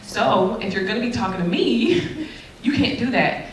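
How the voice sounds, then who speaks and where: A woman voicing her calm, firm young husband as he scolds her in a steady, matter-of-fact way. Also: medium pitch, normal speed, slight background noise, pitched below the performer's own voice, close to an everyday voice. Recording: very echoey, mic far off.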